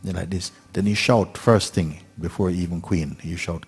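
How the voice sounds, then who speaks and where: A man giving a spiritual talk, telling a parable in an unhurried, gentle way with pauses and fillers. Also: low voice, slightly rough, faint music behind. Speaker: spiritual teacher.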